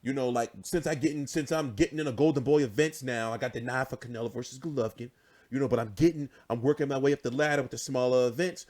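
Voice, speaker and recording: A man in his 20s hosts a boxing show on a casual livestream, cursing freely and telling stories with lots of animation. His mid-range voice moves fast.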